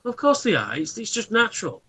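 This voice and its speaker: A fast-talking man, animated and acting out his customers in casual chat. His voice is bright and sits fairly high. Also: breathy edge. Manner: animated storyteller, acts out customers. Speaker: toy shop worker.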